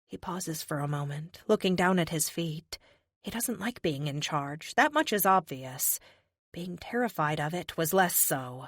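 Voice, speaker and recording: Female audiobook narrator, fairly low voice, wry and emotive, dry close mic. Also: expressive, measured pace, no echo. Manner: wry, emotive first-person delivery. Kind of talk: first-person audiobook narration.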